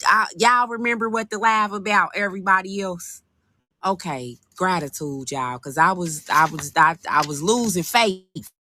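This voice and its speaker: A woman hosting a casual livestream and talking to her viewers on a phone mic. She is animated and exasperated, and she repeats herself. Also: lowish voice, measured pace, no echo. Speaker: livestream host.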